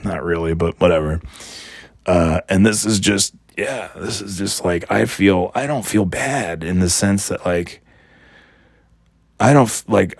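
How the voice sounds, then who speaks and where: Hoarse, gravelly-voiced man ranting. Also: low-pitched, a little slow, dry recording. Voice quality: gravelly, raspy. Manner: exasperated, rambling, profane. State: hoarse from coughing. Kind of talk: casual ranting vlog.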